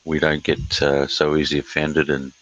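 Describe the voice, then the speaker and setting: Very deep-voiced Australian man, blunt. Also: completely flat delivery, fairly bright tone, dry recording, dull audio. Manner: blunt, swears often, many filler pauses. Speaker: livestreamer reading chat. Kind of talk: casual live-stream chat.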